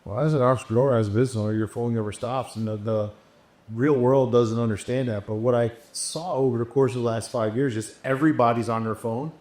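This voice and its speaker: A man's voice: medium pitch, fairly quick. A man hosting a podcast, talking casually and wrapping up the show with thanks to his guest. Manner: relaxed, wraps up with thanks and follow reminders. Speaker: podcast host. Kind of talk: casual interview. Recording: roomy echo.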